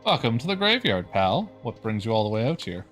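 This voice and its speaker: A man voicing a gruff, chatty working-class graveyard keeper in a game, folksy and full of slang. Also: fairly low pitch, very animated, a little fast, fairly bright tone, faint music behind.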